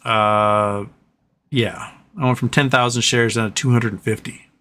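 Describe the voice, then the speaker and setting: A man hosting a live stream chats casually, reads out viewer comments, and rants with sarcasm and profanity. He speaks unhurriedly in a steady, medium-pitched voice with a sharp tone.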